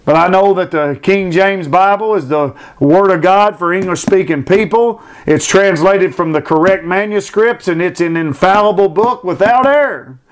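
A man's voice: high voice, normal speed, hardly any pauses. A man preaching a sermon, building fervent repeated phrases and reading scripture aloud. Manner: fervent, repetitive emphatic preaching.

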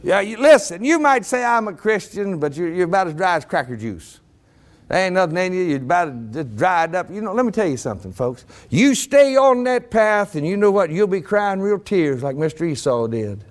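A man preaching a sermon to a congregation, rising to shouted emphasis. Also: sits high, big pitch swings, fairly quick. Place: church congregation.

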